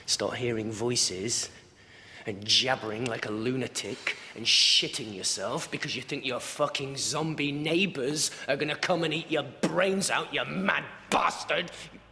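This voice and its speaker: A man's voice: medium pitch, a little slow, creaky, sharp tone, slight background noise. An actor playing an anxious young male doctor who pleads and then rants in exasperation. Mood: ranting. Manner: exasperated, swings from pleading to ranting. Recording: roomy reverb.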